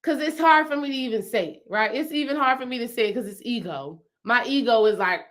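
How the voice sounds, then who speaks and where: A woman's voice: fairly high pitch, a little fast, few pauses. A woman speaking as a spiritual healing coach in a casual teaching talk, emphatic and chatty. She repeats phrases for stress and keeps asking her viewers questions. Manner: chatty, asks the audience questions.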